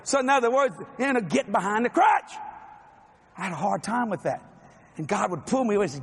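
A man's voice: high-pitched, sing-song, fast, breathy edge. A man with a Cajun accent preaching a folksy, joking sermon in a large hall. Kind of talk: sermon with humor and jokes.

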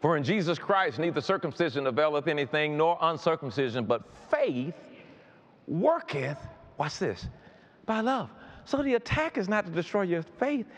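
A man preaching a sermon, emphatic and repetitive, building up to shouts. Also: on the high side, big pitch swings, moderate pace. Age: adult.

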